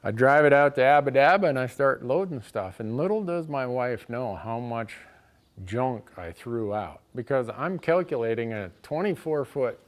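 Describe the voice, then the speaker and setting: A man's voice: medium pitch, expressive, normal speed. A man telling a funny story from his own life in a shop. He talks casually with wry asides and often restarts a sentence mid-thought. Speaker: storyteller on an outdoors show. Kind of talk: casual spoken anecdote.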